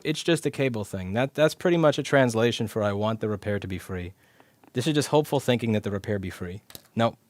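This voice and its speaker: Brief: low-pitched male repair teacher on a live stream, sarcastic and blunt, dry close-miked sound. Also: dry recording. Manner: blunt, sarcastic, swears casually. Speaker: repair instructor. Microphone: clip-on mic.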